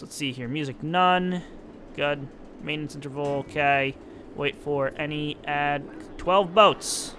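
Young male let's-player, slightly high voice, wry and chatty, faint music bed. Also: pushed and bright. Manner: playful, self-mocking, talks to himself while building. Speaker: let's-play gamer. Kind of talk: casual gameplay commentary.

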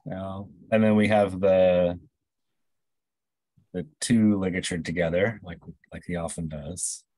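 A man with a very low, slightly husky voice joins in a casual study-group discussion. He asks questions and thinks aloud tentatively, and the sound is dry and close with little room echo. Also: fairly even intonation, measured pace, warm tone. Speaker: reading group participant.

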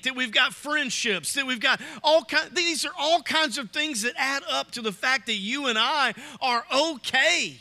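Pastor guy preaching a sermon in church, high bright voice, lively, keeps asking okay?. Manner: animated, acts out quoted voices, asks "Okay?". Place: church sanctuary.

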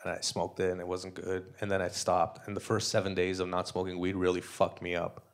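A man's voice: low voice, completely flat delivery, brisk. A young Canadian man doing a live stand-up set, crude and loose, often laughing at his own jokes. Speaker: stand-up comedian. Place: comedy club stage. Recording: live club crowd audible. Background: audience laughter.

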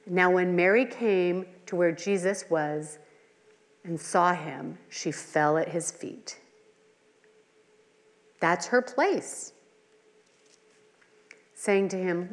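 A woman's voice: lowish voice, slow pace, pauses often. A middle-aged woman leading a women's Bible study in a conversational teaching style, earnest and full of personal asides and rhetorical questions. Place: church hall. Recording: long hall reverb.

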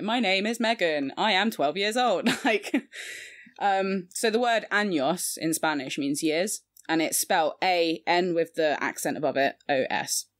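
A young woman in her twenties, a Spanish teacher, chatting casually and laughing often with many fillers. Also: low voice. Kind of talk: casual podcast chat.

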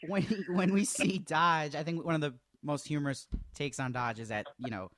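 A man's voice: on the high side, steady tone, moderate pace, fairly bright tone, dry recording. Man hosting an interview, dry sound. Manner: friendly, lots of mm and yeah backchannels. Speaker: interview host. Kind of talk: casual interview questions.

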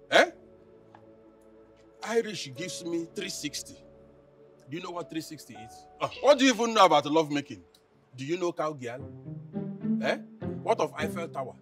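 A man's voice: on the high side, close to an everyday voice. An actor playing a crude, boastful Nigerian chief who mocks his wife, with a Nigerian accent, recorded from a distance. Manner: mocking, taunting, crude. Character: boastful philandering middle-aged chief, crude. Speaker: husband and chief. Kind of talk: Nollywood film acting.

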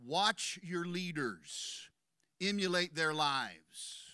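A man preaches a passionate sermon in a church, his voice pitched high and ringing very bright. He races through some phrases, slows hard on others, and climbs into shouts at the peaks. The sound is close and dry. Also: animated, clean tone, no echo. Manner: impassioned, rising to shouts at climaxes; rapid bursts of speech between slower emphatic phrases. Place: church sanctuary.

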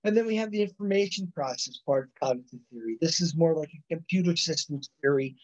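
A man gives a psychology lecture over a video call, and his voice sits a little high. He rambles, restarts his sentences and keeps tossing in "right?" as he goes. The audio is dull and lo-fi. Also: animated, fast. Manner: rambling, self-correcting, frequent "right?" and "you know". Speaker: college psychology instructor. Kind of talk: recorded online lecture.

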